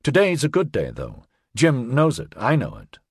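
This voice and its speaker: A man voicing a cautious male doctor who speaks in a measured, clinical way, in an audiobook. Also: mid-range voice, wildly swooping pitch, darkish tone, slightly rough, dry recording, clean studio sound, voice pushed up. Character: cautious, guarded male doctor, low-voiced.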